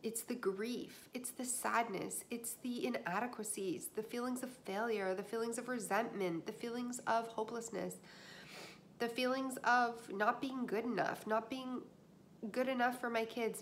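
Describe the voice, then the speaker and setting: Earnest woman, slow emphatic lists. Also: on the high side, fairly bright tone, slight background noise. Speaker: self-help vlogger. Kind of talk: reflective personal monologue.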